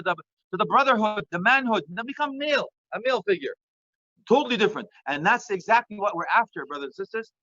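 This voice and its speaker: A middle-aged man giving a lively sermon, joking and dropping in phrases. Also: high voice, dry recording, highs cut off. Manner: animated, joking, mixes Arabic phrases. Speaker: Islamic preacher.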